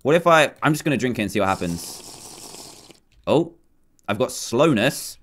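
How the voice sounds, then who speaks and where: A man's voice: mid-range voice, animated, unhurried, fairly bright tone. A young man doing playful, casual commentary over a video game, pleading and jokingly taunting. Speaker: gaming YouTuber.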